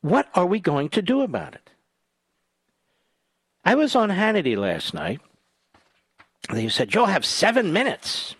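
A man hosting a talk radio show, delivering a combative, sarcastic monologue that swings between loud outbursts and low asides. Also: huge pitch swings, unhurried, long pauses, slightly rough, no echo.

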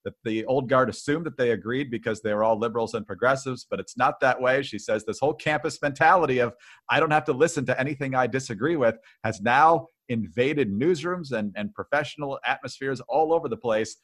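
Male co-host, mid-pitched voice, dry political chat. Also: a bit bright. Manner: conversational, dry, with filler words. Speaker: podcast co-host.

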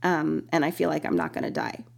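A woman in casual conversation, animated and quick to laugh, still recovering from an illness. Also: low-pitched, gravelly. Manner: animated, laughs often, acts out quoted voices. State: recovering from illness, lingering cough. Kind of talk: casual storytelling chat.

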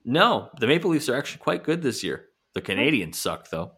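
A man's voice: medium pitch, sing-song, a little fast, fairly bright tone, husky. A man co-hosting a podcast, recapping in a playful, storytelling way. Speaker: podcast co-host. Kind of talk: casual recap chat.

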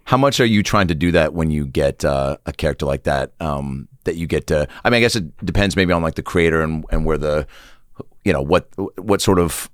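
A man's voice: a bass voice, expressive, fairly quick, no room sound, studio quality. A man hosting a podcast, loose and joking, asking rambling questions. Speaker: podcast host. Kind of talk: casual podcast chat.

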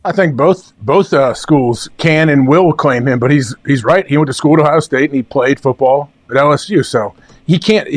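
A man's voice: mid-range voice, moderate pace, dry recording. A man speaking as a guest analyst on a sports talk show, offhand and easygoing. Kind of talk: casual sports chat.

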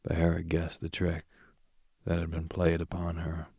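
A man reading an old myth aloud, soft and husky, often dropping to a whisper. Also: deep voice, monotone, moderate pace, dry recording, clean studio sound. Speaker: storyteller.

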